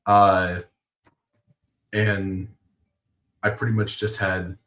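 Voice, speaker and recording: A man's voice: low-pitched, flat delivery, drawn-out words, fairly bright tone, slight background noise. A man playing a tabletop role-playing game, speaking hesitantly with many fillers. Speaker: player. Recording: roomy, distant mic.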